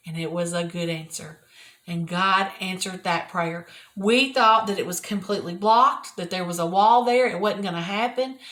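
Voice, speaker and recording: Earnest older woman, soft-spoken. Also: lowish voice, moderate pace. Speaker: Christian video host. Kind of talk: personal devotional talk. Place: private office at work.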